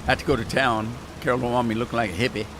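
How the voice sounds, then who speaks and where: A man's voice: medium pitch, little pitch movement, racing, noisy background. Chatty man rambling over a farming game. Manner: rambling, chatty, talks to himself and chat. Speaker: gaming channel host. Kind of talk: casual gameplay commentary. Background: rain sounds from the game.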